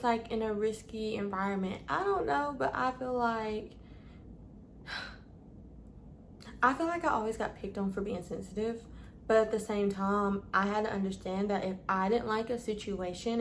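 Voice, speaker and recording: A woman's voice: fairly high pitch, slight background noise. Woman vlogger, chatty and casual, trips over long words. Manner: chatty, calls listeners "babes", stumbles over words. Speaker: lifestyle vlogger. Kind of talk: casual advice vlog.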